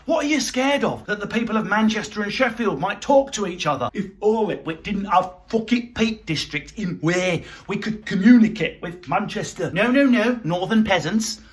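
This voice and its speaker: A man from southeast England with a southeast English accent, delivering a sweary comic rant that peaks in shouting. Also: high voice, lively intonation, moderate pace, few pauses. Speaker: comedian.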